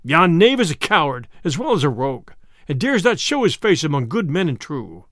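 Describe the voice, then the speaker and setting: A man's voice: fairly high pitch, sing-song, moderate pace, fairly bright tone, dry recording, clean studio sound. A man doing a blustering sheriff. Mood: scornful. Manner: archaic, exclamatory. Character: proud blustering middle-aged male sheriff.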